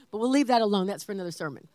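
A woman in her sixties preaching a sermon, telling stories with animated emphasis and laughter. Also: medium pitch, fast, no echo, clean studio sound. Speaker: pastor.

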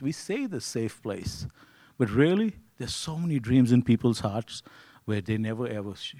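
A man preaching a conversational sermon, joking and swinging between loud, excited bursts and hushed, quiet stretches. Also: mid-range voice, no room sound.

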